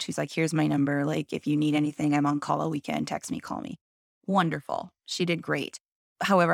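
Gravelly-voiced woman sharing her story. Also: sits low, dry recording, studio quality. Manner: open, emotional storytelling with quoted dialogue. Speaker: guest. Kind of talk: candid interview conversation.

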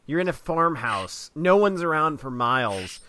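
A man's voice: a little high, big pitch swings, moderate pace, sharp tone. A man co-hosting a comedy podcast, riffing on absurd improvised bits in casual chat. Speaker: podcast co-host.

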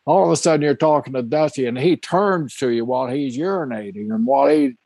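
A man with a mid-range voice tells a relaxed anecdote, chuckling along. The sound is dry and close to the mic. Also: mid-range voice, brisk, dry recording. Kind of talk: casual storytelling.

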